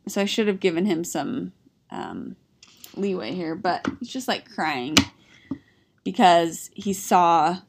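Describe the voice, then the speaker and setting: A woman's voice: lowish voice, lively intonation, slow pace, gravelly, heavy background noise. A woman in her thirties, a podcast co-host, chatting casually and telling a story with frequent laughs. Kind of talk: casual chat.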